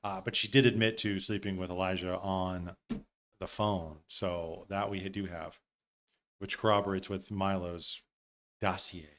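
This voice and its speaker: A man's voice: deep voice, flat delivery, measured pace, fairly bright tone. A man hosting a live stream, giving loose, profane reaction commentary with frequent laughs.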